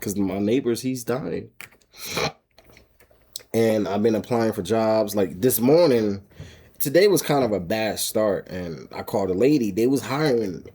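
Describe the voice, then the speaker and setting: Husky-voiced man telling a story. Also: fairly low pitch, mellow. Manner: emotional, rambling with many restarts and laughs. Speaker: homestead vlogger. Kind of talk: casual storytelling to camera.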